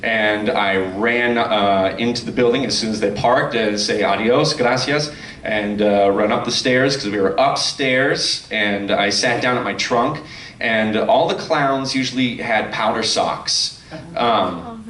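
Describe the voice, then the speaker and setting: A former circus clown telling a funny anecdote on a convention panel, halting with fillers and restarts and chuckling often. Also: male voice, lowish voice, fairly bright tone, a little hiss or hum. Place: convention hall. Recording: echoey hall, mic some distance off.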